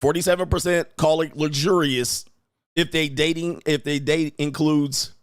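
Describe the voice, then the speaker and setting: A man's voice: on the high side, steady tone, normal speed, clear, resonant tone, no echo, clean studio sound. A man hosting a livestream, riffing in slangy talk, laughing often and mimicking people. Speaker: host and commentator. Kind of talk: livestream commentary.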